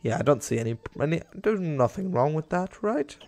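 A man's voice: fairly high pitch, very animated, moderate pace, a little mellow, no room sound. A young man giving casual, rambling commentary over a game, talking to the animals on screen and getting exasperated with them. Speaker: gaming YouTuber.

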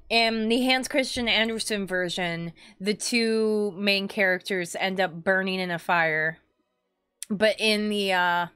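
A woman's voice: medium pitch, no echo. A young woman streaming a game, chatting in a rambling way with her viewers and filling her talk with fillers and restarts. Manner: chatty, rambling, warm toward chat, many fillers. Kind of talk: casual stream chat with viewers.

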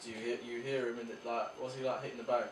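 A man's voice: mid-range voice, level tone, racing. Playful male host, echoey room, distant mic, audible noise behind. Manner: curious, playful questions. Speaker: podcast host. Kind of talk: casual interview chat.

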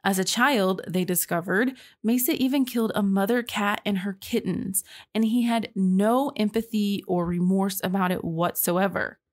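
A woman's voice: mid-range voice, moderate pace, few pauses. Chatty woman hosting true crime. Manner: chatty and expressive, addresses listeners as y'all. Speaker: true crime podcast host. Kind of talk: casual true crime narration.

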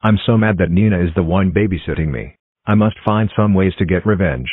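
A man's voice: low voice, fairly quick, slightly rough, no echo, narrow, tinny audio. A male computer voice playing a whiny, petulant cartoon boy who throws tantrums. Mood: scheming.

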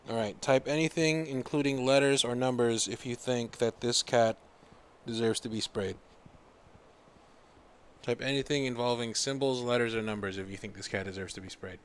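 A man's voice: medium pitch, steady tone, normal speed. Man, game streamer, casual playful commentary, muttered asides, noisy recording.

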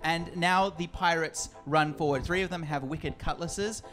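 A man narrating and refereeing a tabletop game as dungeon master, brisk and quick to laugh. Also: a little high. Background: music.

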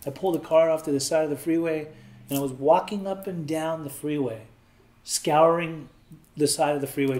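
Telling his own story in an interview, a thirtysomething man from Southern California is plain-spoken and candid, voicing the people he quotes. He speaks at a moderate pace in a steady, slightly mellow voice on the high side.

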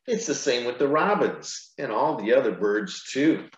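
Slow, gentle pastor reading a storybook. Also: male voice, mid-range voice, lively intonation. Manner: gentle, chatty asides between pages. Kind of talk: reading a picture book aloud to children. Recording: echoey room, dull lo-fi sound.

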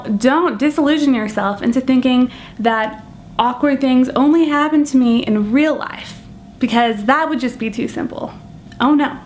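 Young woman, self-mocking comic vlogger. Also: high-pitched. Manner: self-deprecating, animated storytelling. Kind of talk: comedic vlog monologue.

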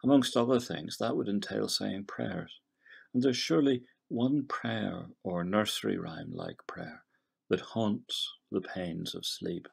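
A middle-aged man, a literature professor giving a recorded poetry lecture in a measured, analytical way, trailing off softly at the ends of phrases. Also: deep voice, vocal fry, slightly rough. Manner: scans verse syllable by syllable.

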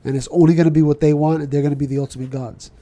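New york guy ranting on a podcast, kinda high mellow voice, keeps going you know what i'm saying. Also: level tone, racing. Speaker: podcast co-host. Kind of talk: casual chat.

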